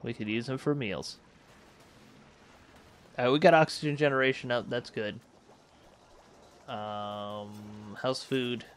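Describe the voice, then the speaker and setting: Guy doing laid-back gameplay commentary, mid-pitch voice, thinks out loud, faint hum behind. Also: fairly even intonation, takes it slowly, long pauses. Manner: thinking aloud, musing and self-correcting. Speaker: let's play host.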